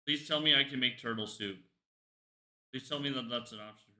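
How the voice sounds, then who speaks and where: A man's voice: mid-range voice, a little fast, pushed and bright. A man streaming a game, rambling and joking to himself in casual chat. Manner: rambling, jokey, talks to himself. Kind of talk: casual livestream chat while gaming. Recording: roomy echo.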